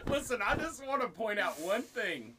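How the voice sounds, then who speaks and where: A man's voice: high voice, very animated, moderate pace, over a noisy crowd. A man co-hosting a podcast, rambling through a movie recap with frequent swearing and laughter. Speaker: podcast co-host. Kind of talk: casual profane banter and movie recap.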